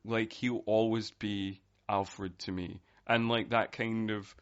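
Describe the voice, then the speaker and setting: A man's voice: fairly low pitch, level tone, slow, clear, resonant tone. A man who is a podcast guest, talking casually and rambling with many fillers. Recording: dull, lo-fi sound.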